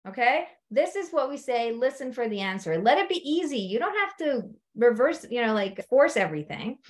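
Animated woman coach telling stories. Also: on the high side, normal speed. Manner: conversational, animated, checks in with "right?" and "okay". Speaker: life coach. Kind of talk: storytelling coaching talk.

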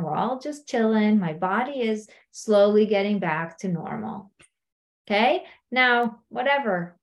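A middle-aged woman talks like a coach giving a relaxed lesson, with a slightly high voice. She keeps it chatty and now and then acts out what other people say. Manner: conversational, acts out quotes in high animated voices. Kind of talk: teaching talk.

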